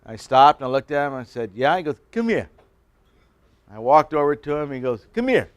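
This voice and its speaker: A man's voice: a little high, lively intonation, a little fast, no room sound, natural voice. An older pastor voicing a blunt, insistent man in his thirties who gives abrupt commands and asks pointed questions. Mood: commanding.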